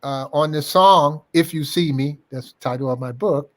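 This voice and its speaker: A man's voice: fairly high pitch, normal speed. An older man telling a story in an interview, acting out the dialogue of the people in it as he goes. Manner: animated anecdote-teller, acting out quoted dialogue. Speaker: interview guest.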